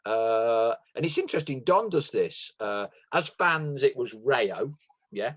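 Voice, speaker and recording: A man's voice: medium pitch, lively intonation, measured pace. A man hosting a podcast, asking hesitant questions with many fillers. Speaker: podcast host. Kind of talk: casual interview.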